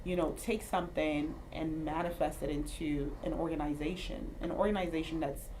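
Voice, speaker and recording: A woman's voice: sits low, fairly even intonation, moderate pace, a little mellow, poor audio. A woman interviewer introducing a program and asking a guest her first question, with a few fillers. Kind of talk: hosted interview. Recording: faint background noise.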